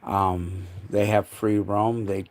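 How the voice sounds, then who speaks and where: A man's voice: on the low side, little pitch movement, slow, a little mellow. A man chatting casually on a live stream at home, cooing baby talk to his dogs in between. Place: indoors at home.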